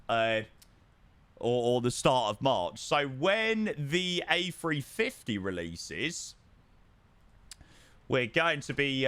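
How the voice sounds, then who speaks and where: A man's voice: mid-range voice, fairly bright tone, dry recording. A young man streaming a flight sim, chatting casually and answering his viewers from a home setup. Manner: chatty, greets viewers, reads and answers chat. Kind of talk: casual live-stream chat.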